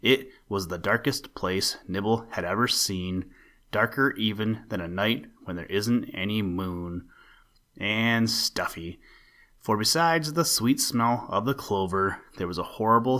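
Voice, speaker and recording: Low-voiced guy reading a bedtime-type kids' story, gentle and expressive. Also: measured pace. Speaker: podcast host and storyteller. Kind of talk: reading a children's story aloud.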